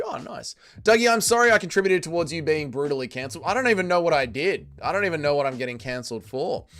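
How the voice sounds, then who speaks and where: A young man chatting casually on a livestream, answering viewers as he reads their messages. His voice sits a touch high and swings widely in pitch, jumping up and then dropping low. He swears freely and lets his sentences trail off. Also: fairly bright tone. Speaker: livestream host reading chat.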